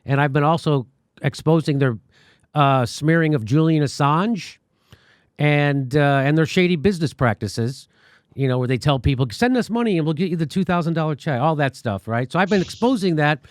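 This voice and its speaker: A man's voice: a little high, lively intonation, normal speed, dry recording, studio quality. Sarcastic male talk show host. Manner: sarcastic, indignant storytelling. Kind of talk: casual commentary.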